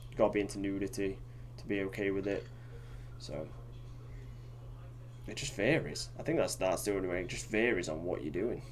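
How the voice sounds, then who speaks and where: In casual podcast chat, a male co-host speaks a bit fast in a low voice, leaving long pauses. He rambles, using lots of fillers and restarts, with slight background noise behind him.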